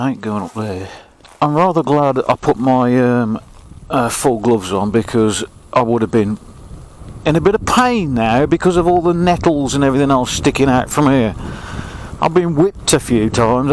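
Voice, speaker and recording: Animated and speaking at normal speed, an English vlogger with a mid-range voice narrates his ride along an old railway path. He grumbles and laughs at himself, and the rough recording carries a slight hiss or hum.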